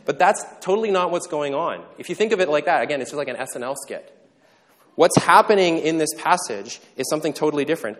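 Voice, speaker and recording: Casual joking pastor in a reverberant hall. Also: male voice, a little high, expressive, a bit bright. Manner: casual and joking, with quick asides and questions to the congregation. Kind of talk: conversational sermon. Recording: long reverb in a large hall.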